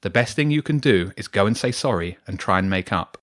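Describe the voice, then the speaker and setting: A man's voice: fairly low pitch, animated, brisk, fairly bright tone. A man voicing a firm, sensible schoolgirl who scolds her friend, in a bedtime story.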